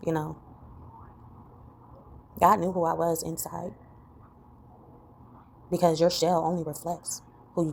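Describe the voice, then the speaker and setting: A woman's voice: darkish tone, slight background noise. A woman talking reflectively in a personal vlog, rambling and full of "you know" fillers. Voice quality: gravelly low voice. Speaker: vlogger.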